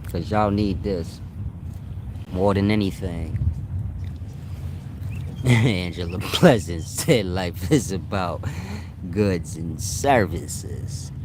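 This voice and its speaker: A man's voice: low voice, very slow, pauses often, noisy background. A man giving profane, streetwise relationship advice in a casual monologue, breaking into laughter often. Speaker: advice vlogger.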